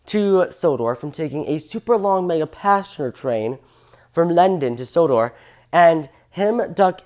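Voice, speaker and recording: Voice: mid-range voice, a little mellow. A train fan hosting a casual commentary video, talking enthusiastically in a rambling way and often stopping to correct themselves. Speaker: train fan channel host.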